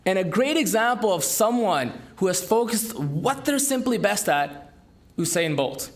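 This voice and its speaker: A man giving a business talk to an audience, with an emphatic, lively delivery and rhetorical questions. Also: sits high, measured pace. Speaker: entrepreneur speaker. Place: conference room.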